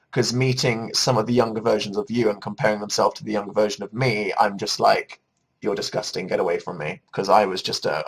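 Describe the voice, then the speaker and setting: A man's voice: medium pitch, husky, poor audio. A man hosting a casual livestream, chatting and reading out viewer comments in a rambling, self-deprecating, jokey way. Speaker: livestream host.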